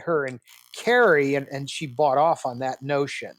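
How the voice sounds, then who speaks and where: A man in his sixties, a film producer guest, telling chatty, animated anecdotes in a casual interview, with frequent restarts. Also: medium pitch, moderate pace, dry recording.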